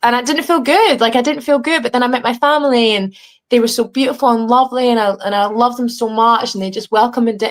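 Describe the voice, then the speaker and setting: Telling her story from home in a casual interview, a young Englishwoman who was on a reality show gets animated and swears as she acts out what other people said. Her voice sits on the high side.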